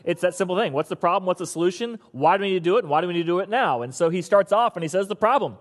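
A middle-aged man preaching a sermon in a conversational, humorous way, with lively bursts. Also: high voice, racing. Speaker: pastor.

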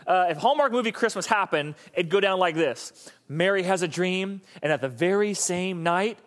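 A man pastor giving a casual, animated sermon, talking to his audience and asking them questions. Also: sits high, normal speed.

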